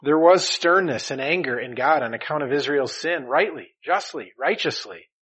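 A man preaching a sermon earnestly, rising in volume on key phrases and dropping softly at the ends of lines. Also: a little high, lively intonation, normal speed, husky, low-quality recording. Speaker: pastor.

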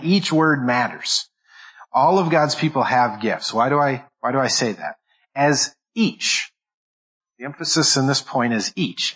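A man's voice: medium pitch, fairly bright tone, low-quality recording. A man preaching a sermon as pastor, stressing each word and often repeating and restarting phrases as he goes. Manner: restarts and repeats words while thinking aloud.

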